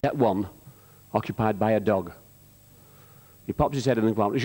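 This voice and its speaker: A man doing stand-up jokes on a theatre stage, telling them briskly with quick asides. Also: on the low side, warm tone, husky. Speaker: comedian and singer. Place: theatre stage, live show.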